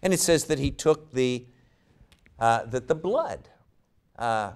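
A man's voice: medium pitch, lively intonation, slow pace, a little mellow. A man teaching a Bible study lecture, often asking rhetorical questions and repeating words as he thinks.

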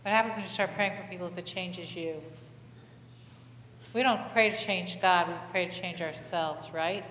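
Speaking at a moderate pace in a fairly bright, low-leaning voice, this woman keeps her intonation mostly even. She's a pastor preaching conversationally in a church sanctuary, asking many questions and animatedly telling stories, with the echoey hall adding faint ambience and slight noise.

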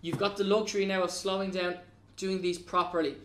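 A man's voice: high-pitched, flat delivery, a little fast, a bit bright, far from the mic, a little hiss or hum. A man with an Irish accent teaching an Irish language lesson at a whiteboard, patiently spelling out letters and walking through examples. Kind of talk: recorded classroom lesson at a whiteboard. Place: classroom with a whiteboard. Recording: echoey room, voice off-mic.

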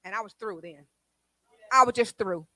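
A woman a sermon, testifying with swings from quiet talk to shouted praise. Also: mid-range voice, normal speed, dry recording. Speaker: preacher.

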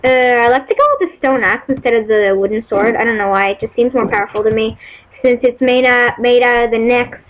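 A woman casually commenting on her own gameplay, excitable and rambling, squealing and whooping when thrilled. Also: fairly high pitch, fairly quick. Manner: rambling, many fillers. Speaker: gaming channel host. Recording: dull lo-fi mic with faint hiss.

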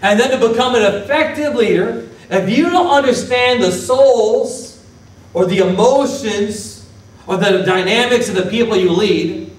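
A man preaching as pastor, lively, questioning his congregation and acting out Bible figures. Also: high-pitched, unhurried. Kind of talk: sermon. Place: church sanctuary. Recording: echoey church hall from a distance.

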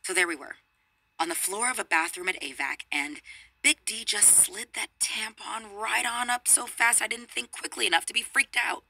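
Woman reading memoir, expressive with amused asides, bright husky voice, dry sound. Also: medium pitch, normal speed, no echo, poor audio. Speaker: reader.

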